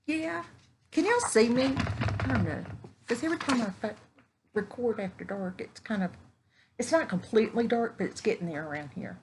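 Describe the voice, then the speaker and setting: A woman's voice: medium pitch, expressive, moderate pace, a little mellow, slight background noise. A woman, chatting casually while unboxing crafts at home, gushing and exclaiming over each find. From Texas. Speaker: vlogger. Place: home indoors, evening.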